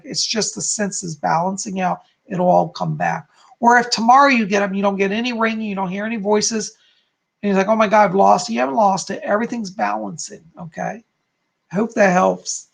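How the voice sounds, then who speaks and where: A man with a gravelly edge, hosting a live psychic reading stream. He talks in a loose, chatty way and reassures each viewer. He keeps checking in with a soft "okay?". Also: high-pitched, normal speed. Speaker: psychic host.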